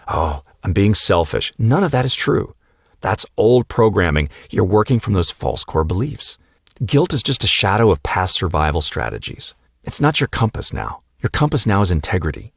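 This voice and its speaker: A man hosting a podcast for husbands, speaking in a calm, measured, earnest monologue that builds lists of short repeated phrases. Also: sits low, no room sound, clean studio sound. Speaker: podcast host, coach for husbands.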